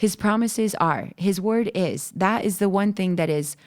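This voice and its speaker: Earnest, animated woman worship leader. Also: medium pitch, moderate pace. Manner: earnest, animated storyteller who laughs easily. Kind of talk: casual podcast conversation.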